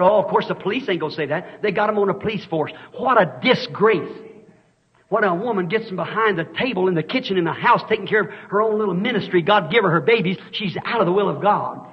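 A man preaching an impassioned revival sermon, swinging from storytelling asides to shouted warnings. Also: sits high, slightly rough. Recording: dull lo-fi old sermon tape.

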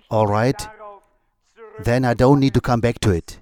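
A man preaching a sermon, reading scripture aloud in a slow, measured way with long pauses between phrases. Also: medium pitch, a little mellow.

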